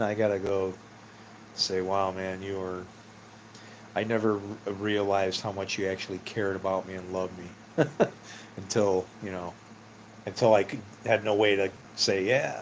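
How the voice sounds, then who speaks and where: A man's voice: on the low side, level tone, normal speed, a little hiss or hum. A middle-aged man telling rambling personal stories in a casual, meandering way, laughing often and swearing freely. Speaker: vlogger.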